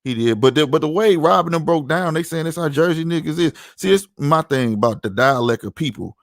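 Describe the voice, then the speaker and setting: A man's voice: on the high side, lively intonation, fairly quick, no echo, clean studio sound. Slangy St. man chatting on a podcast. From St. Louis, USA. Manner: slangy, storytelling, lots of "you know what I'm saying". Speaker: podcast host. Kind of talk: casual podcast chat.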